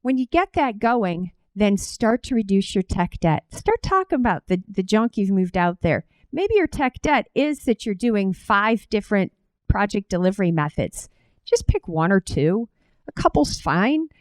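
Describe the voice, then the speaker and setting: A middle-aged woman with a Cleveland accent speaks at a conference, telling a story in a lively way and turning often to the crowd. Her voice sits at an ordinary pitch for a woman and is recorded dry and close. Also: measured pace, no echo, rough recording. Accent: Cleveland, Ohio. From Cleveland, Ohio. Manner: animated storytelling, direct address to audience. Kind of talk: conference talk with personal story.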